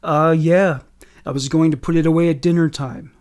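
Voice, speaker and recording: A man's voice: fairly high pitch, steady tone, normal speed, darkish tone, natural voice. A man reading a defiant young woman. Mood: exasperated. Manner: firm, exasperated. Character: defiant eighteen-year-old young woman.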